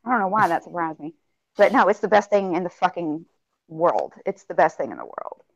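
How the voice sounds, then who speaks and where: A woman with a Southern US accent chatting casually, animated and drawling, calling people honey. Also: fairly low pitch, a little fast, no room sound. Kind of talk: casual chat. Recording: dry, lo-fi stream audio.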